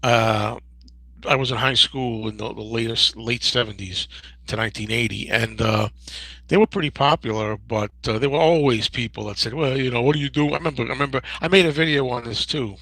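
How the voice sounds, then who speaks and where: A man in his fifties hosting a casual livestream Q&A, rambling and digressive with many restarts and a gravelly, husky voice. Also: mid-range voice, brisk, pushed and bright, no echo, poor audio. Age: 50s. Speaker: host.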